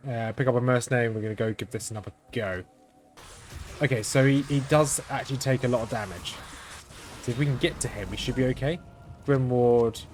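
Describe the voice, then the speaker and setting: A man in the middle of his pitch range gives let's-play commentary in a monotone, understated voice, thinking aloud as he goes. Faint game music plays behind him. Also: fairly quick. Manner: thinking aloud while playing. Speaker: gaming channel host.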